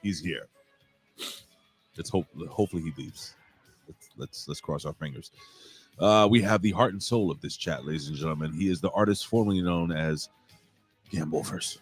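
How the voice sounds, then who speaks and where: A man's voice: deep voice, normal speed, long pauses, faint music behind. A man co-hosting a live wrestling podcast, rambling, joking and swearing freely in casual chat.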